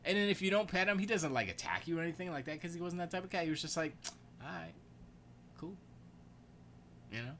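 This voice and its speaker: A man hosting his own podcast, chatting casually and rambling in a slangy, animated storytelling way. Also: fairly high pitch, rapid-fire, hardly any pauses, a little hiss or hum. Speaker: podcast host.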